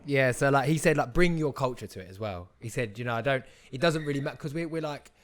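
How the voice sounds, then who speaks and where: A man's voice: mid-range voice, expressive, fast. A young man, an actor guest in a casual podcast chat who rambles, restarts often and acts out quotes.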